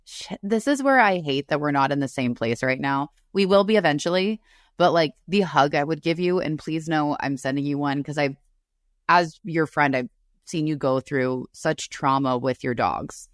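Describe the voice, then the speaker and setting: A woman's voice: deep voice, normal speed, no room sound, clean studio sound. A woman co-hosting a podcast remotely, comforting her friend in a rambling, tearful way. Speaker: podcast co-host. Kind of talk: casual chat. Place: separate room, remote recording.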